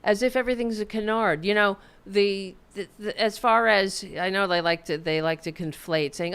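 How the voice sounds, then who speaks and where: A woman's voice: mid-range voice, normal speed, hardly any pauses, a bit bright, clean tone. A woman hosting a political podcast, ranting angrily with lots of swearing and repeated restarts. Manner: angry, profane, repetitive ranting. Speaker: podcast host. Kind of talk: political commentary rant.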